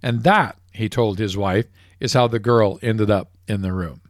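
A man hosting a radio show, telling a joke in a lively storytelling manner. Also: on the low side, unhurried, dry recording, studio quality. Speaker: radio host.

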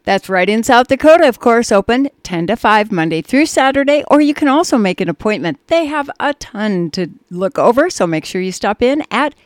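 A woman co-hosting a radio show, reading ads in an upbeat, brisk manner. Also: on the high side, lively intonation, no room sound, studio quality. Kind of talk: radio ad reads.

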